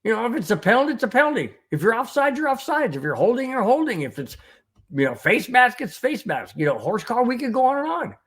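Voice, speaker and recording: A man's voice: extremely high pitch, big pitch swings, quick pace, a bit bright, husky. Heated, sarcastic sports podcast host man. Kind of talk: casual sports talk, reading chat comments.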